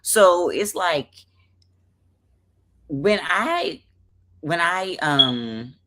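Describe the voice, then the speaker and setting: Brief: Southern woman, late 30s, low voice with big pitch swings, sassy storyteller on a video call. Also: drawn-out words, background noise. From American South. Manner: sassy, animated storytelling with playful put-downs. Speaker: guest athlete. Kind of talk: casual interview chat.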